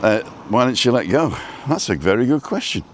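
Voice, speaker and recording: A man live-streaming as he walks outdoors by the coast, chatty and rambling, a little out of breath from walking briskly. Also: medium pitch, very animated, slight background noise. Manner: chatty, rambling, greets viewers by name. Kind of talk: casual walk-and-talk live stream.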